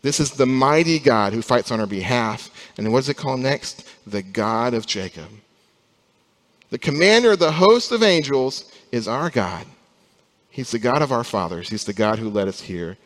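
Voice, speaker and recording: A young adult man preaches a sermon in a hall with a long, lingering reverb. His voice sits at an everyday middle pitch, dropping soft and slow, then swelling loud to drive a point home. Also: expressive. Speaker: pastor.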